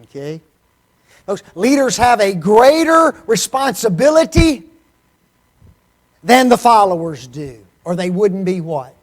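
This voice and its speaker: A man preaching a sermon in church, animated, constantly asking the congregation rhetorical questions. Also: high voice, slow, pauses often.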